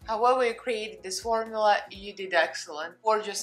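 A woman's voice: medium pitch, normal speed, few pauses, a bit bright, soft background music. A young adult woman with a Russian accent, chatting casually through a makeup tutorial and talking to her cat along the way. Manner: chatty, talks to her cat between steps. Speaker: beauty vlogger.

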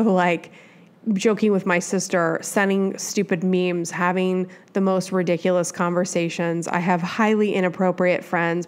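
A woman from the Midwest hosting a solo advice podcast, talking in a chatty, rambling way with lots of asides. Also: mid-range voice. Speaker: podcast host.

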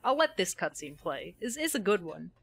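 A woman's voice: mid-range voice, big pitch swings, normal speed, vocal fry, a bit bright, breathy edge. A woman streaming a video game live, chatting casually, joking and swearing freely. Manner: profane, joking, laughs often.

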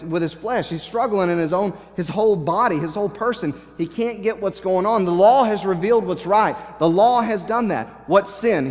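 A man preaching a sermon with passion, often repeating and restarting his phrases as he paraphrases scripture in the first person. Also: sits high. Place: church sanctuary. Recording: long hall reverb in a church.

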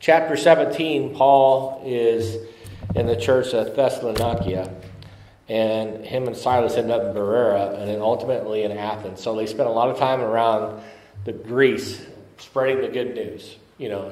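A male pastor preaching in a roomy church sanctuary, his voice carrying a noticeable echo. He talks casually, with fillers and repeated phrases for emphasis. His pitch sits at an ordinary middle level for a man. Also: a little mellow. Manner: conversational, with fillers and emphatic repetition. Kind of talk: sermon.

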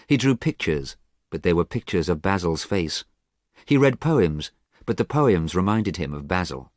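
Deep-voiced man reading a storybook. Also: expressive, normal speed, no echo. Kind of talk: storybook reading for English learners.

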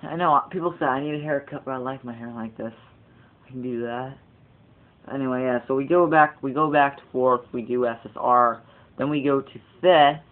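A man's voice: medium pitch, a little fast, phone-quality sound. A teenage boy rambling through a casual video blog, digressing often and swearing casually. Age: teens. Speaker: vlogger.

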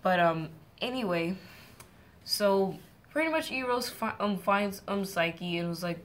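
A young woman casually retells an old myth for her stream, chatty and joking as she goes. A faint hiss sits under her voice at a middle pitch for a woman. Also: animated, a little slow. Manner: chatty and joking, acts out characters in playful voices. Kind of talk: casual storytelling to viewers. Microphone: streaming setup mic.

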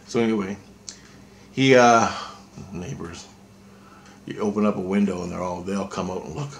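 A man's voice: low voice, steady tone, moderate pace, gravelly, long pauses, slight background noise. A man vlogging a rambling, intense spiritual monologue, swearing freely.

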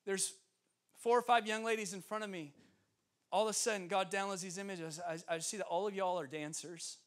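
A young guest speaker preaches in a church sanctuary, his voice high-pitched and a little fast. His sermon storytelling is animated and full of laughter, and he acts out the voices of the people in his stories.

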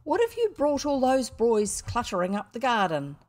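A woman voicing a fierce, indignant household cook in a storybook reading, scolding loudly. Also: mid-range voice, big pitch swings, moderate pace, gravelly.

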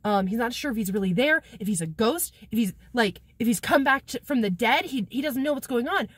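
A woman's voice: fairly high pitch, animated, brisk, fairly bright tone, slightly rough, no echo. A woman vlogger rambling casually through a book recap, sarcastic and giggly, swearing freely as she talks to her camera. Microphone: camera mic, talking to a camera viewfinder.

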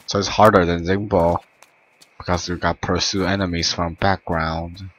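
Deep-voiced young man doing game commentary. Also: moderate pace, lo-fi sound, a little hiss or hum. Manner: excitable, swears, broken English. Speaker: gameplay commentator. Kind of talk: let's play commentary. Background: game music.

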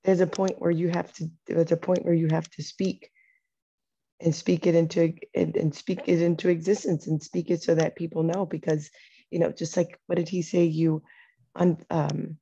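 A woman's voice: deep voice, flat delivery, moderate pace, gravelly, warm tone, breathy edge, no room sound, highs cut off. A woman joining an online prayer call, agreeing and chatting casually. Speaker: guest prayer partner.

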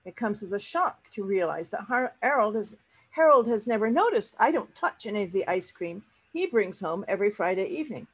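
A woman teacher reading a story aloud to her class, in a husky, breathy voice at a middle pitch. She stops now and then to explain a word to her learners in plain terms. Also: sing-song, rough recording. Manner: pauses to explain words to learners.

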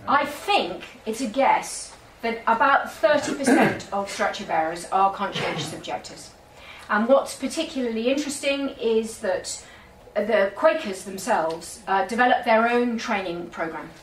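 A woman's voice: a little high, expressive, a little slow. A British woman historian giving a public lecture, telling stories with asides and self-corrections. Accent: British English. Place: museum gallery. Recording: echoey room, distant mic, faint noise.

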